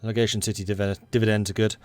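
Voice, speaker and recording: A man's voice: on the low side, very fast, smooth, no echo. Hyped-up English guy narrating a game. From England. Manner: excitable and rambling, self-described hyper. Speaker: let's play host. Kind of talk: gaming commentary.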